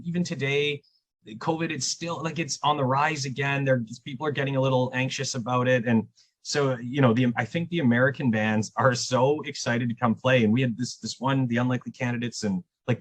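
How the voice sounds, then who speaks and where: A man, casually chatting on a podcast as a festival programmer and telling lively stories. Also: no echo. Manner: animated storyteller, jumps pitch when quoting others.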